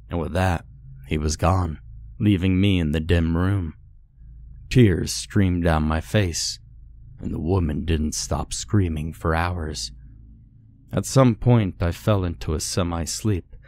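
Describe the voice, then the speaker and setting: Slow, deep-voiced horror narrator. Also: male voice, creaky, a little mellow, a little hiss or hum. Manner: measured, grave storytelling. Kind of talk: scripted horror story narration.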